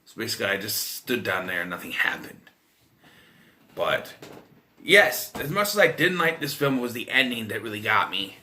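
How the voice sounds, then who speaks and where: A man's voice: on the low side, big pitch swings, normal speed, bright, forceful tone. A man in his thirties giving a casual, rambling film review, swearing freely and restarting his sentences often. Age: 30s. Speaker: movie reviewer.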